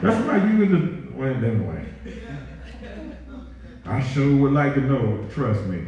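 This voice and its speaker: A man's voice: medium pitch, big pitch swings, measured pace, darkish tone. A man preaching a sermon as pastor, joking with the congregation and calling out to them. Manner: playful, joking asides, call-and-response with congregation. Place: large church sanctuary. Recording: very echoey hall, dull sound, from far off.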